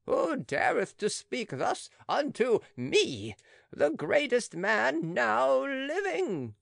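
A man's voice: very high voice, wildly swooping pitch, slow pace, creaky, a bit bright, dry recording, studio quality, voice pushed up, heavily acted. A man voicing a weary, self-pitying old male magician in an audiobook, with a quavering, theatrical lament. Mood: defiant. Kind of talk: audiobook dramatic reading.

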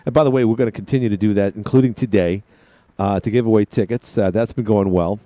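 A man's voice: fairly low pitch, fairly even intonation, fast, warm tone, no echo. A man hosting a call-in radio show, chatting in a rambling, joking way with plenty of side tangents. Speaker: radio talk show host. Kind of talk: call-in talk radio chat.

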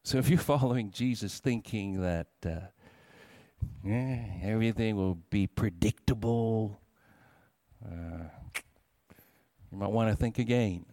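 A man's voice: on the low side, a little slow, long pauses, dark tone, no echo, studio quality. A man preaching a sermon in an earnest, questioning, emphatic way. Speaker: pastor.

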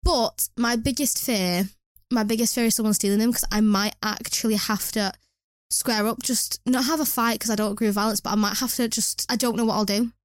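Young woman hosting a solo chat podcast, quick and rambling, slightly high voice, dry close mic. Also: steady tone, dry recording. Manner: chatty, rambling, self-mocking, frequent restarts. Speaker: podcast host. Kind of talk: casual chat.

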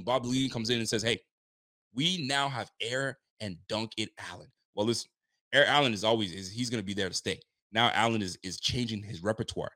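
Male stream host, excitable football recap, dry close sound. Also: medium pitch, fast, dry recording. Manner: hyped, emphatic, joking and rhetorical. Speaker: fan channel host.

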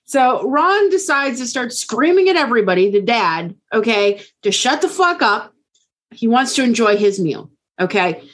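A woman's voice: on the high side, very animated, moderate pace, a bit bright. Woman co-host, casual true crime storyteller, frequent check-ins. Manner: casual, keeps checking in with okay. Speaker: podcast co-host.

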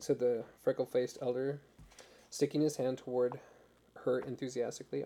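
Gravelly, dark-voiced male narrator. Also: mid-range voice, flat delivery, moderate pace. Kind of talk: audiobook narration.

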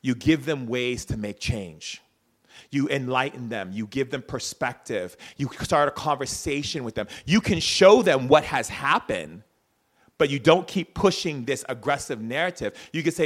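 A man telling personal stories in an earnest, preachy talk, swinging between hushed and loud. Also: medium pitch, expressive, moderate pace. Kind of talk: spoken storytelling talk.

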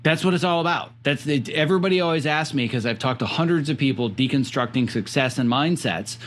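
A man's voice: medium pitch, brisk, a bit bright. A man hosting a podcast, asking reflective questions in a thoughtful way. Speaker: podcast host.

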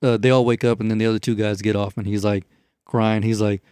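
A man's voice: fairly low pitch, fast talker, smooth, no echo, clean studio sound. A man telling a story in casual chat, rambling and profane, with lots of fillers. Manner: rambling, profane, animated retelling with many fillers.

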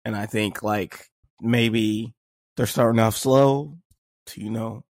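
A man co-hosting a podcast in casual chat, expressive and joking, laughing a lot. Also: fairly low pitch, takes it slowly, dry recording, studio quality. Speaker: podcast co-host.

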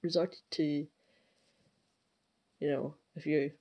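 A woman's voice: low voice, steady tone, slow, muffled recording. A woman in casual chat about running her game clan, rambling and exasperated, full of fillers. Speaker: clan leader.

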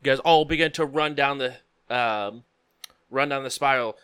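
A man runs a tabletop adventure as game master, his voice bright and clean-edged. He describes each scene haltingly, pausing often on fillers. The sound is close and dry, with almost no room around it. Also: medium pitch, clear, resonant tone, dry recording.

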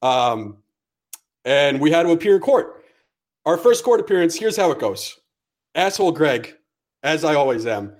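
A man's voice: a little high, normal speed, long pauses. Profane young man telling a story. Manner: profane, animated storyteller acting out dialogue. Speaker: podcast co-host. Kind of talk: casual storytelling chat.

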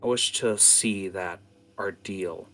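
A man's voice: low voice, slow pace, bright, forceful tone, exaggerated voice. A man voicing a sly, sadistic woman who trades in information in a tabletop game, with a silky, scheming manner. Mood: bargaining. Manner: silky, scheming, calls people dearie.

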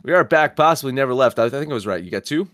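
A man's voice: mid-range voice, expressive, very fast, fairly bright tone, no echo, studio quality. A man co-hosting a sports betting podcast, steering the picks with easygoing, laughing banter. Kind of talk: casual sports betting talk.

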